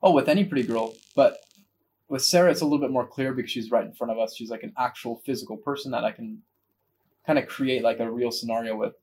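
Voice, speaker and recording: A man co-hosting a podcast, musing in a relaxed, conversational way. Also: medium pitch, fast, husky. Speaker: podcast co-host. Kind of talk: casual chat.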